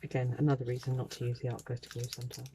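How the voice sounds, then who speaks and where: A woman's voice: very deep voice, little pitch movement, racing, warm tone, slight background noise. A woman vlogger chatting casually as she crafts, self-deprecating, muttering asides to herself and sometimes dropping to a whisper. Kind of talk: casual crafting chat while working.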